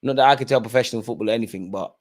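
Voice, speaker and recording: A man with a mid-range voice hosts a live football watch-along, talking very fast in London slang about the match. Whenever a chance or a goal comes, he bursts into loud shouting.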